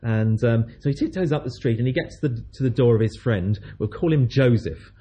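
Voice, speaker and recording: A man's voice: medium pitch, brisk, mellow, slightly rough. A man preaching a sermon, telling a story in a chatty way and acting out the voices of its people.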